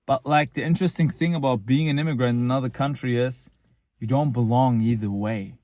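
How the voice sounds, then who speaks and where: A young man speaks casually to his viewers, earnest and meandering, circling back on his own sentences. His voice sits at an ordinary middle pitch. The sound is dry and close, with no room around it. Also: a little fast, a little mellow, dry recording. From Germany. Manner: earnest, rambling, many restarts and fillers. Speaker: vlogger. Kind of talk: casual talk to camera.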